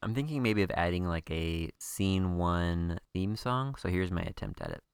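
A man in his thirties with a very low voice co-hosts a podcast in easy, casual chat. He keeps tossing in playful jokes. The recording is close and dry. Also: expressive, moderate pace, clean tone, no room sound. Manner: playful and joking. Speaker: podcast co-host.

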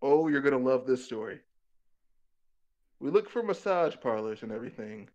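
A man's voice: medium pitch, very animated, normal speed, a little mellow, highs cut off. A young man telling a rambling, profane comic story about his own life, laughing as he goes.

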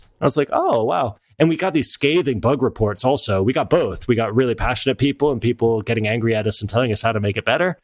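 A man being interviewed as an entrepreneur, telling stories casually and acting out quoted dialogue in a lively way. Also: a little fast, no echo. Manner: animated, acts out quoted dialogue with raised pitch. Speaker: entrepreneur guest.

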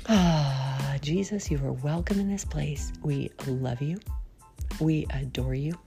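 A woman's voice: deep voice, slow pace, dark tone, faint music behind. A woman hosting her own podcast, chatting playfully and giggling, and breaking into spoken prayer along the way. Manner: bubbly, playful, giggly, prays aloud mid-talk. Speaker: podcast host. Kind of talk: casual faith chat podcast.

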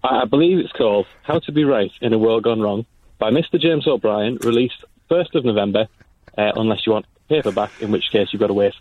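A man calling into a radio show, quick and cheeky, stammering a little. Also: lowish voice. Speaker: radio caller. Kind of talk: casual phone-in chat. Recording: dull line with faint hiss.

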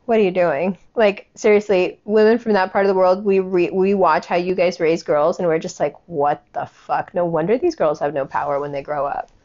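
A woman's voice: on the low side, fairly even intonation, fairly quick, hardly any pauses, darkish tone, muffled recording. A woman giving a casual commentary rant, blunt, sarcastic and full of swearing.

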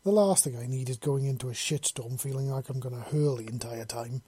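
A man's voice: on the high side, normal speed, mellow, close to an everyday voice. A man reading a story, voicing a whiny, nervous young male soldier who turns dramatic. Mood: whining. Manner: whining, dramatic.

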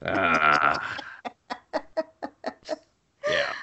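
A man in his thirties chatting casually on a podcast, his voice lively and rising and falling a lot as he tells funny family stories. His tone is bright and forward, and he laughs through his own tales and swears without a second thought. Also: very deep voice, extremely slow. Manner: laughing storyteller, swears freely, quotes people. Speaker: podcast co-host. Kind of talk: casual chat.

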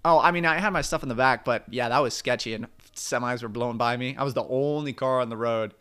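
Male podcast co-host, casual relaxed chat, smooth clear voice, mid pitch. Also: quick pace. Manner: relaxed, offers short reactions and then tells his own story.

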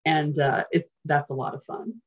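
A woman's voice: low voice, fairly even intonation, moderate pace. A woman co-hosting a podcast in casual chat, frank and playful, often poking fun at herself. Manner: frank, playful, self-mocking. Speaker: podcast co-host. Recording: dull lo-fi sound.

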